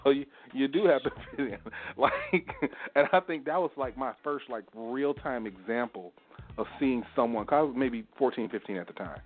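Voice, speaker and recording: A man co-hosting a casual panel talk show, telling anecdotes in a lively storytelling way. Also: medium pitch, normal speed, soft background music. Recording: tinny phone-like line.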